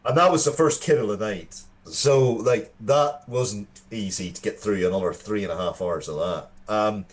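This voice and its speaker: A man's voice: lowish voice, normal speed. An Irish man in his thirties, a co-host telling earnest stories in casual chat, often restarting his sentences. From Ireland. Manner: earnest storytelling with frequent restarts.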